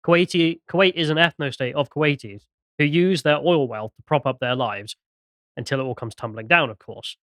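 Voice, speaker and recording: A man's voice: medium pitch, fairly quick, a bit bright, no room sound, studio quality. A man co-hosting a casual political podcast, making wry, sarcastic asides. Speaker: podcast co-host.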